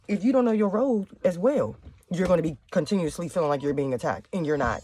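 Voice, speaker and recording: Fast-talking blunt woman host. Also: fairly low pitch, lively intonation, dark tone, breathy edge. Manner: blunt, heavy cursing, preachy. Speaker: talk show host. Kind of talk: casual monologue to viewers. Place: home with children nearby.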